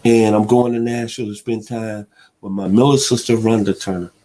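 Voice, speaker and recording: A man's voice: on the low side, steady tone, a little fast, slight background noise. A man, hosting a sports talk radio show in an emphatic, heartfelt monologue. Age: 60s. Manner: emphatic, preacher-like delivery with heartfelt shout-outs.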